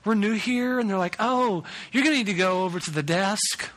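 A man's voice: sits high, fairly quick. A male pastor preaching a sermon in a conversational way, telling stories with lots of restarts. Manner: conversational, animated storytelling with restarts. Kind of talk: sermon with a personal story.

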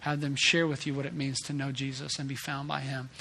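A man's voice: mid-range voice, flat delivery, a little fast, creaky, bright, forceful tone, slight background noise. A man preaching a sermon at a church service, speaking earnestly and conversationally, with frequent restarts. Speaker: pastor.

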